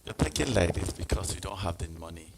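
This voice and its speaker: A man's voice: sits low, animated, fast, heavy background noise. A man giving a motivational sermon, speaking emphatically and questioning the audience.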